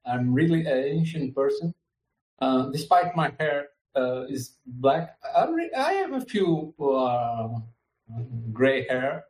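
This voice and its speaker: A man in his fifties hosting a casual podcast, speaking in an unhurried way with slightly formal phrasing. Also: medium pitch, big pitch swings, a little mellow, reverberant, poor audio. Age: 50s. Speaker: podcast host.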